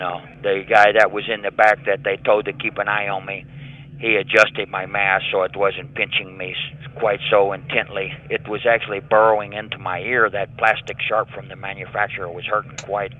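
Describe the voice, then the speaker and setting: Older male inmate storyteller, low-pitched, phone-line audio. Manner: matter-of-fact storyteller, acting out dialogue. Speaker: prison inmate interviewee. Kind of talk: recounting a story over a phone call. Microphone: prison telephone. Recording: tinny prison phone line.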